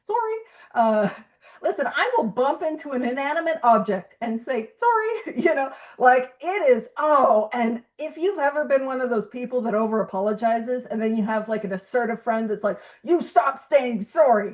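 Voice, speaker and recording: A woman's voice: fairly high pitch, brisk, few pauses. A woman from Canada leading a recovery group study in casual talk, self-deprecating and laughing often as she speaks. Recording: dull lo-fi sound.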